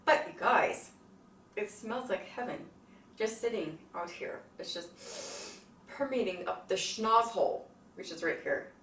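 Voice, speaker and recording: A woman hosting her cooking channel in a casual, bubbly vlog, excitable and swearing freely. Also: medium pitch, a little slow, a little hiss or hum. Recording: echoey room, mic at a distance.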